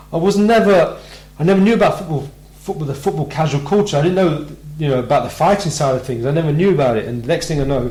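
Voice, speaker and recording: A man from Britain hosting a live radio show, telling a personal story in a lively way and acting out the voices of the people in it. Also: fairly high pitch, roomy sound, poor audio. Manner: animated storyteller, acts out quoted voices. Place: radio studio.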